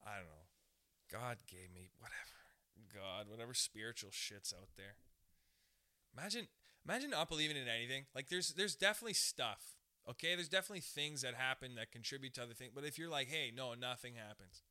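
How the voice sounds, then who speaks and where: A male comedian riffs loosely on his podcast, profane and animated. His voice is very bright and sharp-edged, with a zippy, brash tone that comes at you quickly. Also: medium pitch. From Canada. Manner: profane, fast, animated, riffing. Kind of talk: casual rambling monologue.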